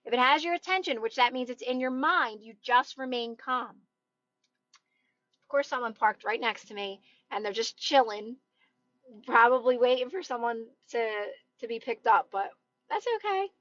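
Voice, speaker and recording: Woman, high voice, upbeat chatty live-stream coach, dry lo-fi phone sound from a parked car. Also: moderate pace, a bit bright, no room sound. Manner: encouraging, chatty, often asks "right?". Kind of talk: casual live-stream motivational chat.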